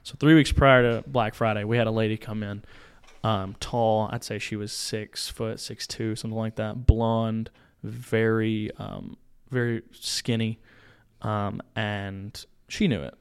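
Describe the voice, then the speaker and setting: A young man, a podcast co-host, casually telling a story in a small home studio, animated, acting out voices and laughing. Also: on the low side, measured pace, gravelly, smooth. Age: young adult.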